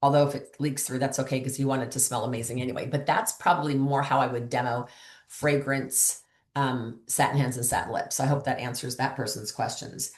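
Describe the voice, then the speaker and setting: A woman giving a casual training talk to other beauty consultants, chatty and animated, acting out her customer conversations. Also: extremely low pitch, fairly quick, echoey room.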